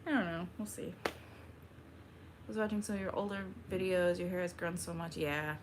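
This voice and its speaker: A young woman hosting a casual livestream, reading chat aloud and chatting back in a slow, laid-back drawl. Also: lowish voice, steady tone, background noise.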